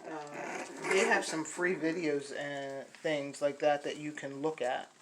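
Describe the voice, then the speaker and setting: A middle-aged woman with a low, deep-set voice talks to puppy buyers in a loose, rambling way, full of ums and restarts. She records on her phone, and a faint hiss of noise sits behind her. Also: fairly even intonation, takes it slowly. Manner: chatty, rambling with many fillers and restarts; high sing-song baby talk to the puppies. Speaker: dog breeder. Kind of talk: casual vlog to puppy buyers.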